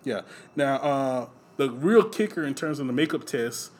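A man's voice: medium pitch, lively intonation, moderate pace, slight background noise. Rambling man sharing movie trivia. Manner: loose, rambling delivery with frequent fillers and laughs. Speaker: podcast co-host. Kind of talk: casual movie trivia chat.

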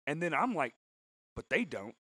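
A man's voice: a little high, sing-song, moderate pace, sharp tone, husky, dry recording, clean studio sound. A man talking bluntly and profanely in a casual chat.

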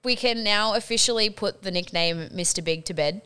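Aussie woman cohosting a podcast, bright smooth voice, animated and sweary storyteller. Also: medium pitch, normal speed. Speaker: podcast co-host. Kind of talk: casual storytelling chat.

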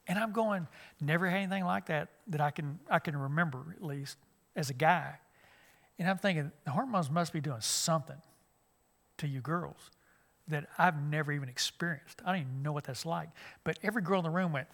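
Gravelly folksy man. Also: a little high, brisk, fairly bright tone. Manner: folksy, conversational, many fillers and restarts. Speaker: youth minister. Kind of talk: church conference lesson.

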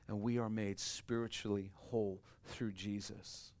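A man preaching a sermon, swinging from loud emphatic peaks to soft, quiet lines and repeating key phrases for emphasis. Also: lowish voice, level tone, measured pace, hardly any pauses. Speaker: pastor.

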